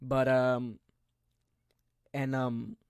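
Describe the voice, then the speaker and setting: A man's voice: medium pitch, flat delivery, drawn-out words, clear, resonant tone, dry recording, studio quality. A man in his twenties, a podcast host, telling a rambling, profane story in casual chat.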